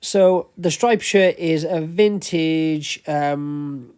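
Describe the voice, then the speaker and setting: A man's voice: a little high, extremely slow, darkish tone, smooth. Chatty Welsh-accented man rambling on. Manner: chatty, rambling, explains at length. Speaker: luxury resale vlogger. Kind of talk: casual chat while shopping. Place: charity shop, indoors. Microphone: wearable action camera.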